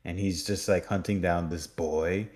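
A man co-hosting a podcast, recapping a TV episode in an animated, joking, casual way. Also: sits low, measured pace. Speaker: podcast co-host.

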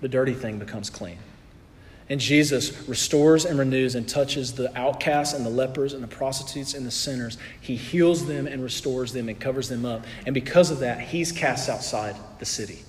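A man preaching a sermon in an earnest way, building in intensity and then dropping soft. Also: medium pitch, normal speed, in a large hall, slight background noise.

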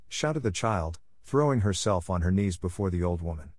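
A man narrating an audiobook in a steady, measured reading. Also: sits low, no echo, studio quality.

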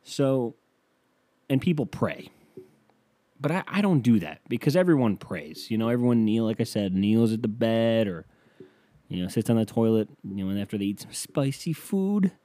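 Mellow-voiced man ranting profanely. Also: mid-range voice, lively intonation, normal speed, no room sound. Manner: profane, ranting, mock-yells in bursts. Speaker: podcast host. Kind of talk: casual comedic monologue.

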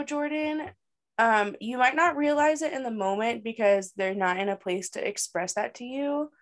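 A woman co-hosting a podcast in casual chat, animated and laughing often, with many fillers. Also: a little high. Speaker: podcast co-host.

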